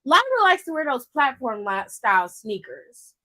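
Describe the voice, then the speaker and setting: A woman's voice: on the high side, sing-song, moderate pace, bright, forceful tone. Giggly, rambling woman podcast co-host. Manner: chatty, giggly, rambling with fillers. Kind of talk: casual chat.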